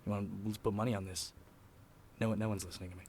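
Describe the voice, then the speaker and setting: A man's voice: fairly low pitch, little pitch movement, very fast, very noisy. A man voice actor goofing around between takes, joking and teasing in a playful singsong way. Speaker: voice actor in outtakes. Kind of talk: goofing around in a recording booth.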